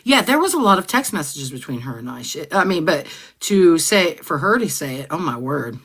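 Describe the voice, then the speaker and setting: A woman hosting a casual live stream, reading out old text messages and often clearing her throat. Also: deep voice, big pitch swings, fairly quick, a bit bright. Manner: conversational, often clears throat, repeats herself. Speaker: livestream host.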